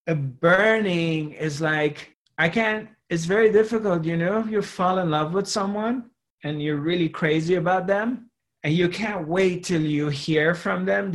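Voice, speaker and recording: A middle-aged man giving an earnest spiritual talk, repeating phrases as he goes. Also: a little high. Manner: slow, earnest, repetitive. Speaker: spiritual teacher.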